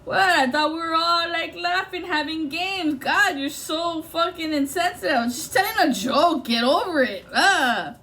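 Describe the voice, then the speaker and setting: A woman's voice: extremely high pitch, moderate pace, hardly any pauses, bright, forceful tone, voice pushed up. A woman voicing a smug young man who brushes off his girlfriend in a defensive, whiny way. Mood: dismissive whine.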